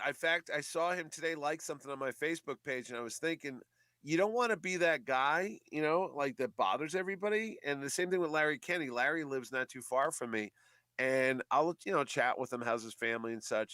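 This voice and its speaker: A man's voice: medium pitch, dry recording. Chatty man telling convention stories. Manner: chatty storyteller, animated quoting of others. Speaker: comic convention organizer, guest. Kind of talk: casual radio interview chat.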